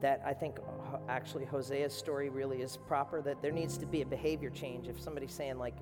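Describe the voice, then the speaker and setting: A man with a Boston accent preaching a sermon as pastor, animated and acting out the quoted voices. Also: medium pitch, fast, few pauses, over music. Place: church sanctuary. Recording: reverberant church hall.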